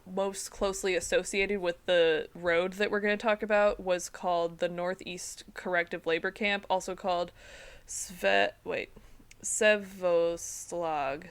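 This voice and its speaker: A woman's voice: medium pitch, level tone, unhurried, clean tone. A woman co-hosting a casual podcast, talking in a chatty, self-deprecating way and laughing often. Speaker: podcast co-host presenting the topic.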